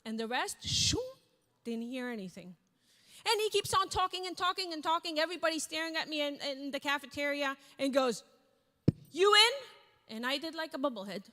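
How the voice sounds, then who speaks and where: High, bright-voiced woman in an echoing hall. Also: fast. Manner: animated, acts out quoted voices. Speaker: keynote speaker. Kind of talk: energetic stage storytelling. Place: large event hall. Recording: reverberant hall.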